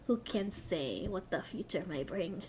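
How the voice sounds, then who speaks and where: A woman's voice: fairly low pitch, expressive, a little slow, darkish tone, breathy edge, pitched below the performer's own voice. A woman voicing a gracious, courtly male knight lord in a game, speaking in an effusive, old-fashioned way. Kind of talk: reading game dialogue aloud.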